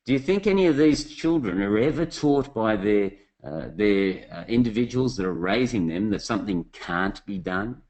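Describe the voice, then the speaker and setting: A man's voice: lowish voice, lively intonation, normal speed, few pauses, a little mellow, rough recording. A man presenting a business webinar, telling stories in a chatty way and speaking straight to his audience. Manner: chatty storytelling, addresses the audience directly.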